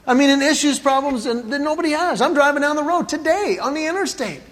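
A man's voice: very high-pitched, animated, fast talker, a bit bright. A man performing a stand-up comedy routine, telling stories with quoted dialogue and chuckling at his own jokes. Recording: long hall reverb, faint ambient noise.

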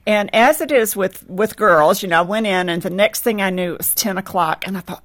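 A woman tells a story as a guest on a talk program. She is animated, laughs easily and acts out the voices in her tale, with a middle-pitched voice. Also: moderate pace, few pauses. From American South. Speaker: guest author. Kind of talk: storytelling in a radio chat.

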